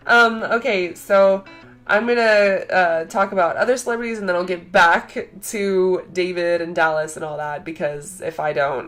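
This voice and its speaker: A woman's voice: on the low side, normal speed, soft background music. Gushing young woman vlogger. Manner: gushing, excitable, heavy use of "like" fillers. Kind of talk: casual chat to camera.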